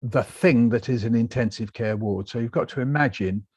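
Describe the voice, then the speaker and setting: A British man, a guest author, telling his story in a lively interview and acting out the voices he quotes. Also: mid-range voice, normal speed, husky, dry recording. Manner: animated, acts out quoted voices.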